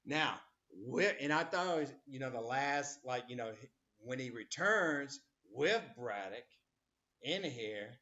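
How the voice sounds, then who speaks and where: A male teacher lecturing his class, full of fillers and little acted-out quotes. His pitch sits in a middle range. The recording is dull and lo-fi, as if made in a classroom. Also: animated, slow pace, sharp tone. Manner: rambling, many fillers, acts out quotes. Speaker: history teacher.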